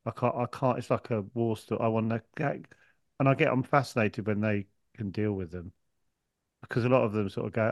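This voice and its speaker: A man's voice: on the low side, steady tone, brisk, creaky, dry recording. A man co-hosting a podcast in casual chat, rambling and jokey, with lots of restarts. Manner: rambling, stop-start, jokey. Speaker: podcast co-host.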